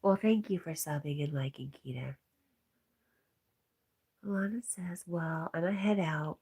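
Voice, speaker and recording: A woman hosting a livestream, reading out viewer comments in a casual, soft, often half-whispered way, with a stuffy nose. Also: low-pitched, a little slow, breathy edge. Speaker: livestream host.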